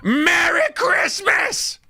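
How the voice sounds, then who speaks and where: A monstrous, fat jelly Santa, as a man puts him on, bellows jolly ho-ho-hos in a high, strained shout. His lines rise into singsong menace. The voice rings with a tense, bright edge. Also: animated, very slow, gravelly, full character voice. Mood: menacing jolly. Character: monstrous jolly killer Santa, huge fat gelatin creature.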